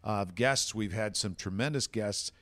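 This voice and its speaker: A man's voice: lowish voice, a little slow, fairly bright tone. Easygoing man hosting a radio show. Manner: easygoing, host-like wrap-up. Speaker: radio host. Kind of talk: casual chat with show plugs. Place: wine cellar of a wine bar.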